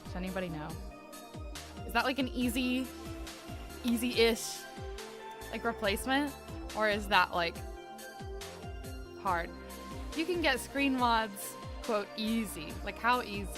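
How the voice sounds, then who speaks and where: A woman's voice: a little high, unhurried, long pauses, over music. A young woman streaming live and chatting casually with viewers. She rambles, fills her talk with "like" and often restarts her sentences. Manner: rambling, heavy use of "like", frequent restarts.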